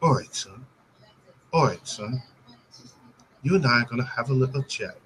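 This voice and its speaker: A man doing a clumsy attempted London accent, playing a low, gruff tough guy talking menacingly over a video call. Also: animated, moderate pace, fairly bright tone, a little hiss or hum, lightly acted.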